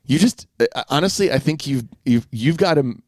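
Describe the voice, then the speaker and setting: A middle-aged man co-hosting a podcast in casual chat, sincere and reflective, with halting restarts. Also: medium pitch, expressive, no room sound, studio quality. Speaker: podcast co-host.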